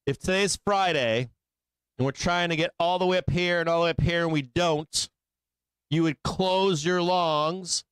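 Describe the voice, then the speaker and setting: A man hosts a live trading stream, walking through charts in a loose, slangy way and asking constant tag questions. His voice sits a little high for a man and comes across very smooth and resonant. The sound is dry and close, with no room echo. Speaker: host.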